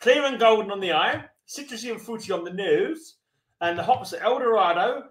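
A man's voice: high voice, lively intonation, a little fast, a bit bright, echoey room, rough recording. A man from England casually chatting and swearing through a beer tasting as podcast host. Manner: chatty, swearing, restarts and jokes.

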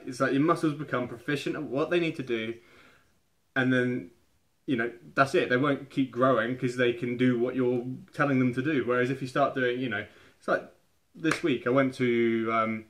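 A man's voice: medium pitch, fairly even intonation, fairly quick. A young man giving casual fitness advice to camera in a chatty, rambling way, often restarting his phrases. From England. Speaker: fitness vlogger.

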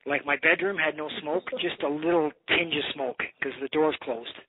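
A man's voice: a little high, fairly even intonation, normal speed, slight background noise. A man telling a long rambling story in a casual phone conversation, swearing now and then. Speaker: bow maker. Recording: tinny phone line.

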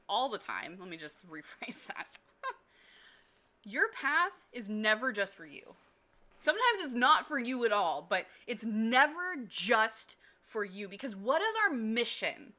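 A woman's voice: fairly high pitch, very animated, unhurried, pushed and bright. A woman hosting a devotional livestream, talking while walking, emotional and gushing as she reads chat aloud. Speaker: Christian community host.

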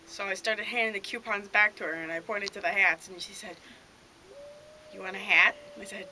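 A woman playing a dim, cheerful male deer hunter in an improvised comedy sketch, telling a rambling story in a deadpan way over a noisy home video recording. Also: medium pitch, brisk.

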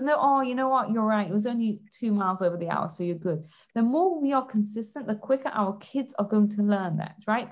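A woman hosting a parenting podcast, explaining ideas through lively stories with frequent restarts. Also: on the high side. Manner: animated storytelling with frequent restarts. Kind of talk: instructive podcast monologue.

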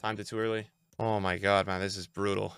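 A man's voice: fairly low pitch, little pitch movement, a little fast, fairly bright tone, clear, resonant tone, no room sound. A young man streaming live gameplay and talking to his chat, frustrated and trash-talking as he plays.

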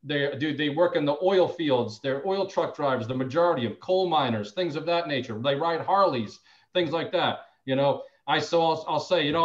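A man who sells insurance, sharing phone-call tips in a casual, animated way and acting out both sides of a call. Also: a little high, normal speed. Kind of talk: casual sales training talk.

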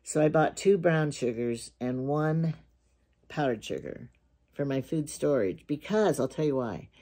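A woman's voice: sits low, a little slow, mellow. An older woman with grandkids, talking casually to camera in a rambling, chatty way and telling jokes. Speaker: vlogger.

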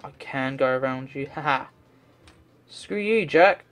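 Slow-talking man ranting at a game. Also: medium pitch, a bit bright. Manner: frustrated, swearing rant to himself. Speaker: let's play gamer. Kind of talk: game commentary.

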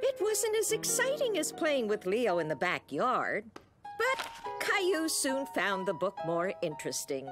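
Expressive woman narrating a cartoon. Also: mid-range voice, measured pace. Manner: warm, clear, expressive storytelling. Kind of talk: scripted storybook narration. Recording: music beneath the narration.

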